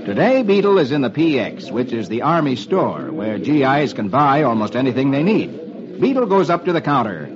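A man's voice: medium pitch, very animated, normal speed, crowd noise. A man hosting a radio show, cheerfully reading the comics aloud for children with rhyming patter. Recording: dull old radio recording with hiss.

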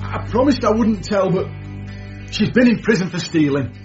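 A man's voice: high-pitched, lively intonation, normal speed, a little mellow, soft background music. An actor playing a gossipy, easily shocked young man in a radio comedy, on a dull lo-fi recording.

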